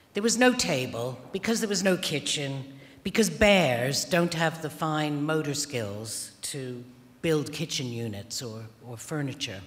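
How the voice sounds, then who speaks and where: A woman author giving a festival opening speech, retelling a fairy tale in a dry, ironic, deadpan way. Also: low-pitched. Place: large theatre hall. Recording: long reverb of a large hall.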